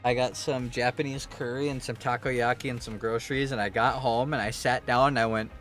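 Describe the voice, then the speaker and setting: A man's voice: mid-range voice, steady tone, brisk, hardly any pauses, a bit bright, faint music behind. A man streaming a game, tired and sleepy, rambling in casual chat and swearing freely. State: sleepy and worn out.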